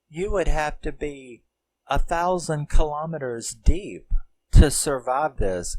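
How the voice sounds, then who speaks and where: A man voicing a panicked young man, his pitch raised in exasperation. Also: heavily acted, rough recording.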